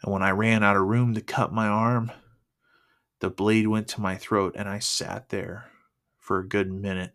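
A man sharing his personal faith testimony in an earnest, emotional, halting way. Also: on the low side, little pitch movement, fairly bright tone.

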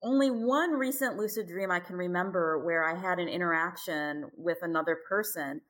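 A woman co-hosting a podcast, talking in a relaxed, casual way and giving frequent soft listening sounds. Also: fairly low pitch, normal speed. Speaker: podcast co-host. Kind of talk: casual conversation.

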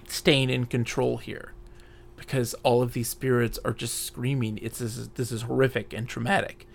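A man quoting a somber male dark elf who is unnerved by the spirits around him. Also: medium pitch, vocal fry.

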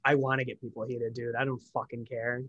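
A man's voice: mid-range voice, level tone, a little fast, bright, forceful tone, highs cut off. A man co-hosting a podcast in casual chat, ranting bluntly and swearing freely. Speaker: podcast co-host.

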